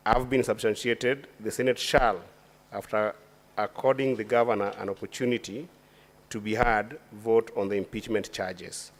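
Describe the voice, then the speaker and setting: At a formal impeachment hearing, a senator questions a witness in a deliberate, legalistic way, often restarting his sentences. His voice is on the low side, with fairly even intonation.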